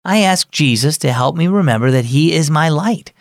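A man voicing a caring older sister in a children's audio story, gentle and reassuring. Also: on the high side, expressive, moderate pace, no room sound, clean studio sound.

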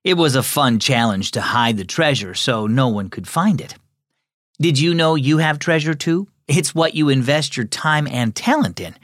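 A man hosting a children's devotional program, reading scripted narration in a friendly, clear, measured way. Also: medium pitch, lively intonation, a bit bright, dry recording, clean studio sound.

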